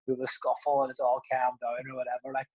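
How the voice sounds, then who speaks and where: A man's voice: mid-range voice, completely flat delivery, quick pace, a little mellow, breathy edge, no echo. A man, a young adult and former footballer, telling a rambling story in casual chat with frequent laughs and restarts, in a dull, lo-fi recording. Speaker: former footballer, podcast co-host.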